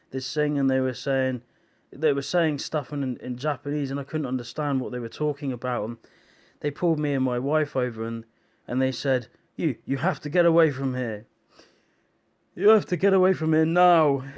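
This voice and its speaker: A man speaks in a solemn, emotional tone as he gives a personal testimony. His delivery is halting, full of restarts and filler words, and his voice sits at an ordinary middle pitch. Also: darkish tone. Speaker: video maker sharing visions. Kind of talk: earnest personal testimony monologue.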